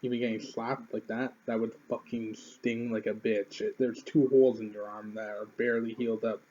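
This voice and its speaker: A man's voice: on the low side, flat delivery, moderate pace, dark tone, highs cut off. Young man telling a rambling profane story. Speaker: YouTuber. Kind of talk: casual storytelling to camera.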